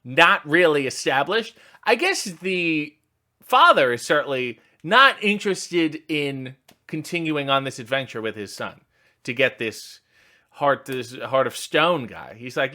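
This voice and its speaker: A man hosting a comedic trailer reaction, talking in a sarcastic, mocking way with deadpan asides. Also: a little high, measured pace. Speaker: host reacting to a movie trailer.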